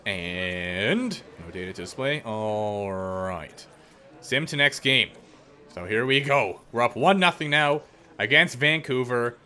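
A man giving joking, excitable play-by-play of his own video game, breaking into loud outbursts and teasing the opponents. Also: medium pitch, takes it slowly. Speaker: gaming YouTuber. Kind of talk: let's-play commentary.

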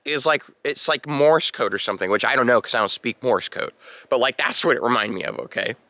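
Young male vlogger, animated storyteller, bright tone, dry mic. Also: mid-range voice, brisk, no room sound. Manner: animated, imitates beeping sounds. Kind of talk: casual storytelling to camera.

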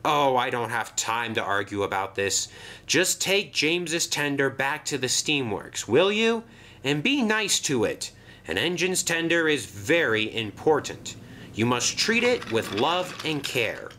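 A man voicing a cheeky prankster steam engine in a lifted, sly, quick voice. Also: mid-range voice, sing-song, pushed and bright, pitched above the performer's own voice.

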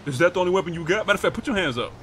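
A man's voice: high voice, lively intonation, very fast, fairly bright tone, slight background noise. A man roleplaying a gangster in a game, issuing profane street-talk threats.

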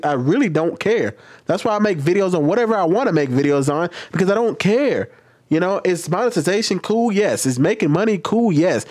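A man hosting his own channel, giving casual commentary to camera in an animated, passionate way. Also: high voice. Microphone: webcam.

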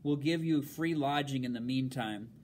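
A man's voice: medium pitch, moderate pace, a little mellow, a little hiss or hum, natural voice. A man reading aloud and voicing a bold, plain-spoken tavern woman who talks bluntly. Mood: determined.

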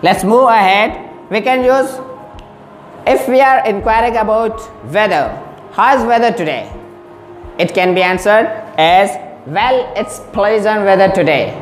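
A woman's voice: mid-range voice, animated, reverberant, big-room sound, soft background music. A woman teaching a beginner English lesson who says words twice for drill and checks in often. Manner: slow, repeats words for drilling pronunciation.

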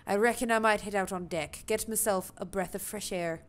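A woman's voice: mid-range voice, close to an everyday voice. A woman voicing a chatty male ship peddler, reading his lines with a shaky attempt at a British accent. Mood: folksy. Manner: reading the lines aloud with a halting put-on accent.

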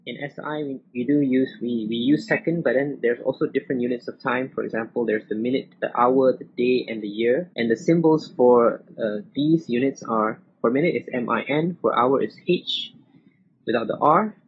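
Methodical male lecturer at mid pitch, spelling symbols letter by letter; dull lo-fi recording. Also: normal speed. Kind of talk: recorded lecture over slides. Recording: muffled old recording with faint hiss.

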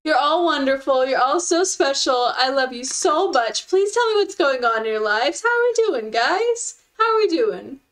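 A young woman with a bright, high voice gushes and giggles as she chats casually with her stream viewers. Her talk is effusive and warm toward the chat, all excitement and affection. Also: moderate pace, few pauses.

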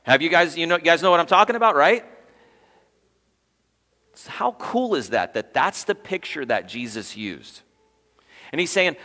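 A man's voice: on the high side, big pitch swings, unhurried, pushed and bright, long reverb tail. A man preaching as pastor to his congregation in a conversational way, quizzing the room as he goes. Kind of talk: sermon. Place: church sanctuary.

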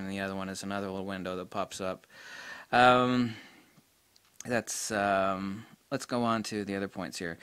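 A middle-aged man giving a casual spoken camera review, blunt and excitable, with mild swearing. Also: on the low side, smooth, dry recording.

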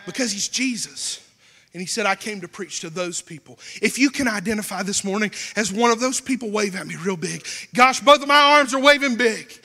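A young man with a Southern American accent preaching a sermon with passion, going from shouts down to a hushed near-whisper. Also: high-pitched, expressive, fairly quick. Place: church. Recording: long church hall reverb.

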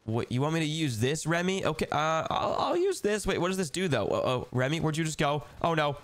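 A man narrating gameplay for his viewers in an excitable, dramatic way. His voice swings widely up and down in pitch and jumps into high squeals whenever something startles him. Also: a little fast. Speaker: gaming YouTuber. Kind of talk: animated gameplay commentary to viewers.

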